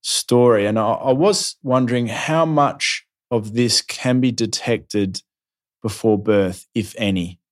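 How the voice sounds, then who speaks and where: A man's voice: mid-range voice, slow pace. A man interviewing a surgeon, prompting him with brief questions and short remarks.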